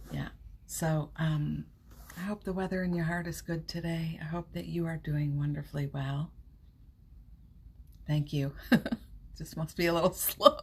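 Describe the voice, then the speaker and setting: A woman's voice: deep voice, husky. A woman hosting a casual live stream, chatty, laughing often and reassuring her viewers, with a runny nose. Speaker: livestream host.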